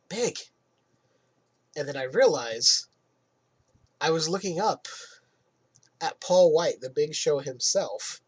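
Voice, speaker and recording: A man hosting a podcast, telling casual anecdotes from his old job in an animated way. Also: mid-range voice, husky. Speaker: podcast host. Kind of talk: casual storytelling monologue.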